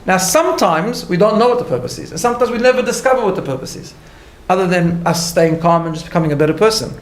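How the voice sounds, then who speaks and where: A man, a rabbi, giving a conversational lecture, telling a story in an animated way with light laughter at his own asides and frequent restarts. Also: sits high, quick pace, roomy sound. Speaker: rabbi teaching a class.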